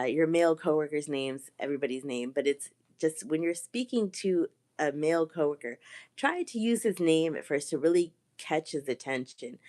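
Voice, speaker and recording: A woman's voice: low voice, a little mellow. A woman with a sore throat giving a live-stream coaching talk, earnest and repeating her key points. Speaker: communication coach.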